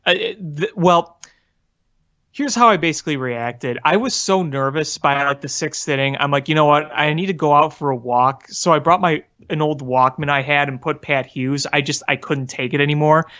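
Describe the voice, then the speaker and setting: Male podcast co-host, earnest, self-deprecating storyteller; somewhat high voice, muffled recording. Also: moderate pace, sharp tone. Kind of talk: casual sports chat. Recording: dull lo-fi audio.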